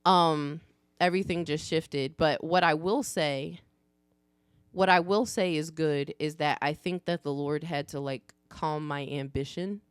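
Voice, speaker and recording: A woman from New Jersey co-hosting a podcast, telling stories in a casual, animated way with frequent laughter and acted-out quotes. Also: sits low, unhurried, clean tone, no room sound. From United States (New Jersey). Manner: animated storyteller who laughs often and acts out quoted voices. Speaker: podcast co-host. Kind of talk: casual chat.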